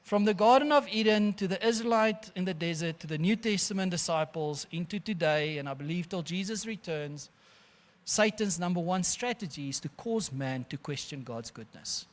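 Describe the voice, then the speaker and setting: A pastor preaching an animated sermon, calling listeners friends and laughing often. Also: male voice, high-pitched, normal speed.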